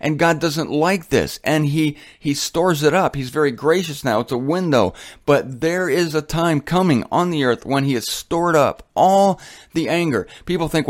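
A man's voice: on the high side, animated, moderate pace. A man preaching a sermon in a blunt, colloquial and emphatic way.

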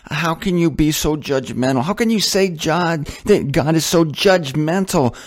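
A whiny, scandalized critic asks one pleading question after another in a sing-song lilt, as a man puts him on. The voice sits a bit high for a man. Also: unhurried, close to an everyday voice. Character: whiny, shocked adult male religious critic.

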